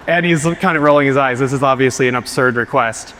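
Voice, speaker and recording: A man's voice: medium pitch, fast, noisy background. A man giving a keynote talk to a live audience, telling a story in an earnest way and getting choked up. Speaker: keynote speaker. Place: large hall before a live audience.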